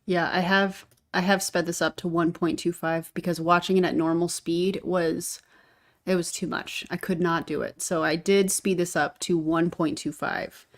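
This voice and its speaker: A woman's voice: fairly low pitch, steady tone, moderate pace. A woman giving reaction commentary on a video, sarcastic and exasperated in her asides.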